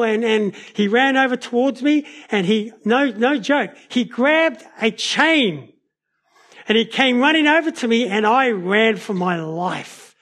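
A man preaches a sermon in a notably high voice. He tells stories in an animated way, shifting his pace and loudness as he goes. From New Zealand. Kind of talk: sermon with personal storytelling.

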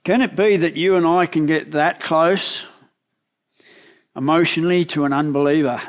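A man preaching a sermon, retelling a Bible story in lively words and asking the listeners questions. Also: a little high, normal speed.

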